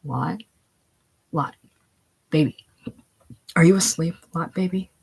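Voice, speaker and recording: A reader voicing a frightened, breathless former showgirl in a casual play reading, raised and pleading with a husky tone. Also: mid-range voice, lively intonation, moderate pace. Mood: anxious.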